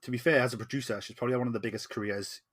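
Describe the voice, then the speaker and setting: A man's voice: medium pitch, fairly even intonation, rapid-fire, a bit bright. A man with a Geordie accent hosting a podcast, chatting enthusiastically with plenty of ums. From Newcastle, northeast England. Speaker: podcast host. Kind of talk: casual podcast chat. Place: home podcast setup in Newcastle.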